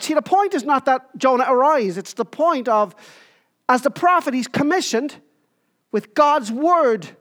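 A woman preaching a sermon, emphatic, with short repeated phrases and pauses. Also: expressive. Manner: jokes about squeaking into a higher voice.

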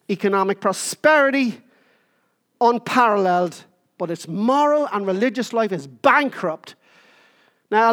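A woman preaching a sermon, emphatic, with short repeated phrases and pauses. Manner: jokes about squeaking into a higher voice.

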